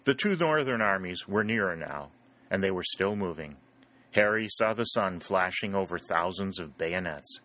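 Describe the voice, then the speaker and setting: A man reading a historical novel aloud as audiobook narrator, in measured storytelling. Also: sits low, animated, bright, forceful tone. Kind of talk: scripted narration.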